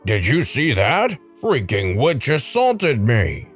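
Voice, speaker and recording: A man voicing a rude, angry middle-aged male patient who speaks slowly and insults people. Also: medium pitch, huge pitch swings, soft background music. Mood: sneering. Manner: slow, menacing, insulting.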